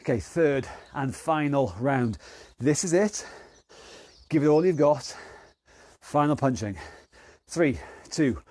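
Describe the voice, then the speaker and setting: A man's voice: a little high, lively intonation, slow pace, long pauses, darkish tone, no echo. Jokey, winded fitness instructor man. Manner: jokey, rambling coaching with countdowns. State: out of breath. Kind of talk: online workout class. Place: home garage.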